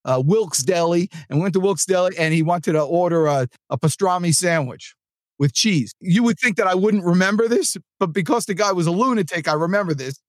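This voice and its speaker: A New Jersey man with a high-sitting voice talks briskly in a dry, echo-free recording. He's a podcast host and sales trainer delivering a casual, rambling motivational monologue, animated and full of restarts.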